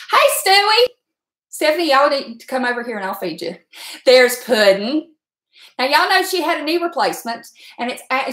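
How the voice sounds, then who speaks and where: A woman's voice: sits high, fairly bright tone, reverberant, low-quality recording. A woman hosting a live cooking stream, chatty and folksy, greeting viewers and laughing often. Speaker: cooking livestream host. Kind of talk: casual live cooking demo. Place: home kitchen.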